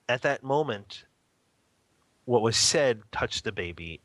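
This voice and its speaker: This interview guest, a father and home meditation practitioner, sounds animated yet slow, with a medium-pitched, fairly bright voice and no room sound. He offers casual spoken teaching on family life and spiritual practice. He chuckles a lot, often asking "okay?" and saying "you know."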